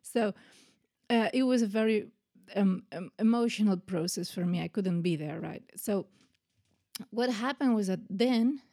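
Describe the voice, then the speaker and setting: A woman's voice: mid-range voice, measured pace, warm tone. A woman telling a personal story in conversation, earnest and emotional, with many fillers and restarts.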